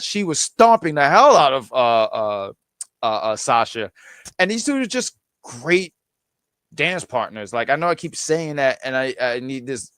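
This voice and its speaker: A man's voice: mid-range voice, fairly bright tone, dry recording. Enthusiastic man hosting a podcast, dry sound. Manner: enthusiastic, stumbling restarts. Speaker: podcast host. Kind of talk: casual chat.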